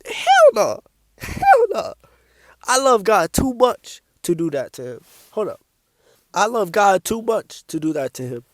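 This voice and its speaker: A man, preaching in a casual rant to camera, animated and incredulous, repeating himself as he presses his point. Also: high voice, moderate pace, no echo. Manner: animated, repeats "bro" often, laughs, incredulous. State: coughing from sickness. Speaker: Christian vlogger.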